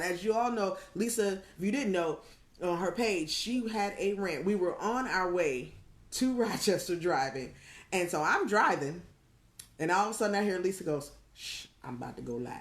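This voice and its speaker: A woman's voice: on the low side, reverberant. A middle-aged woman co-hosting a live call-in show, talking casually and telling stories, acting out what people said. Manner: animated storyteller, acts out quotes. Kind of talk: casual chat, storytelling. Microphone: video call.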